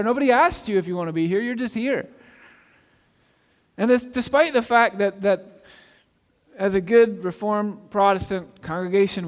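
A man preaches to his congregation in a relaxed, questioning way. His voice sits high for a man. A long reverb rings around him, as in a large church sanctuary. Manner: conversational, asks the congregation questions. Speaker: pastor. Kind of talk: sermon.

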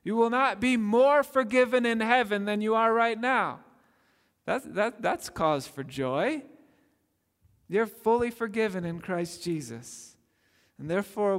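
A man preaching a sermon as pastor, earnest, drawing out key phrases slowly for emphasis. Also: high voice, lively intonation, a bit bright. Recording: long hall reverb.

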